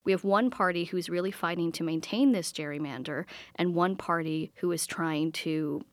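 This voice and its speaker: A woman radio interviewer asking probing questions in a measured, pointed way. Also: lowish voice, dry recording.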